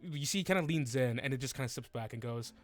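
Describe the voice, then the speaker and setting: A man narrating as game master, halting with many fillers and restarts. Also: mid-range voice, soft background music.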